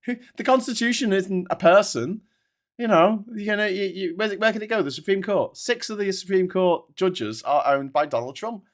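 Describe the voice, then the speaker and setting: A man's voice: high-pitched, animated, normal speed. A British man hosting a political commentary show, ranting in a heated, mocking, sweary way.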